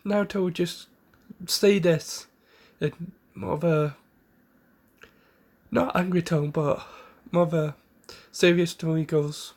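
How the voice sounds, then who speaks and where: A man casually narrating an improvised fan story in a rambling, halting way with many restarts. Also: a little high, steady tone, darkish tone.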